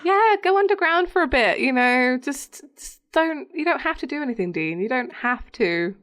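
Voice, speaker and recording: Chatty higher-voiced woman podcast co-host. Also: expressive, moderate pace, a bit bright. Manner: chatty, laughing, quotes characters in put-on tones. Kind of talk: casual chat.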